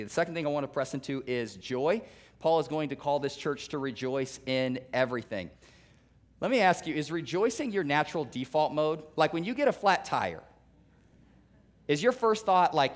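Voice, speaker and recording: A man's voice: medium pitch, expressive, fairly quick. Emphatic, joking male pastor preaching. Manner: conversational, humorous and emphatic. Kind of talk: sermon. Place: church sanctuary.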